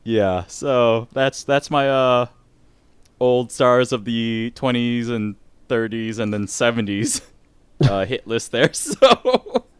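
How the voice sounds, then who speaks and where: A man's voice: mid-range voice, lively intonation, slow pace, clear, resonant tone, no echo. A man co-hosting a podcast in casual chat, rambling and laughing often. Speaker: podcast co-host.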